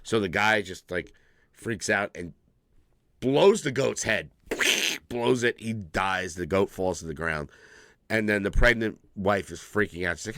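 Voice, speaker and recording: A man's voice: on the low side, a little slow, no echo, studio quality. A man co-hosting a podcast, casually and profanely recapping a horror movie and acting out the characters' lines. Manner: profane, animated movie recapping with acted-out quotes. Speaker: podcast co-host. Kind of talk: casual chat.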